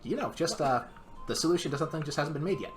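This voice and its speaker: A man's voice: fairly high pitch, expressive, fast talker, faint music behind. A man playing his character in a tabletop game, talking hesitantly with many fillers and restarts. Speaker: player voicing his character. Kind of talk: in-character tabletop role-play.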